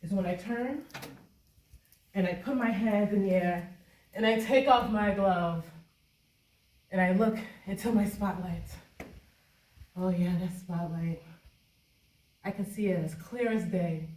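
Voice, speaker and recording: Woman performer, lively live storytelling with frequent laughs; echoey venue, distant mic. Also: mid-range voice, measured pace, pauses often. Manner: lively, laughing often, conversational. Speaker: performance poet. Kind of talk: live spoken-word storytelling.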